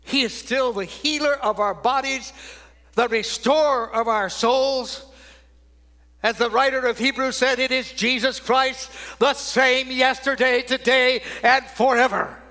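Older male preacher, high bright voice. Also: steady tone, unhurried. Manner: dramatic swings from loud declaiming to hushed near-whispers. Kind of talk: sermon.

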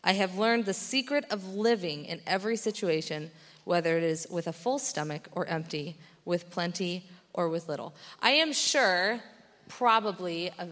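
Chatty, self-correcting woman preacher with a bright voice, recorded in a reverberant church hall. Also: medium pitch. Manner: chatty, self-interrupting, laughs often. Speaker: pastor. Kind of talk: casual sermon.

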